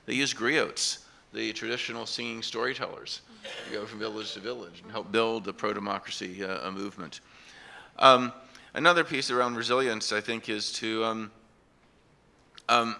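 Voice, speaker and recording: A man's voice: on the low side, moderate pace, creaky, sharp tone. A man speaking earnestly on an academic conference panel, building his points with examples. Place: conference hall.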